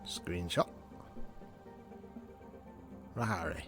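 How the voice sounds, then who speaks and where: Lively sarcastic man commenting on gameplay. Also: medium pitch, measured pace, long pauses, music in the background. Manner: chatty, sarcastic, reads game text aloud. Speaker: gameplay video host.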